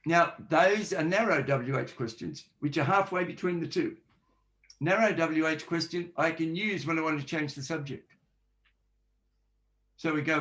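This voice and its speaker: A man's voice: a little high, normal speed, long pauses, a bit bright. A man speaking as a forensic linguist in a podcast interview, explaining point by point and acting out example questions. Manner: explanatory, lists examples and acts out sample questions.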